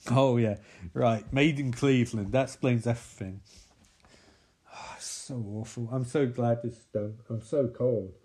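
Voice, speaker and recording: A man's voice: mid-range voice, normal speed, warm tone, husky. Sweary sarcastic man. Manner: sweary, mocking, with exasperated sighs. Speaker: film reviewer. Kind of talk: sarcastic film recap commentary.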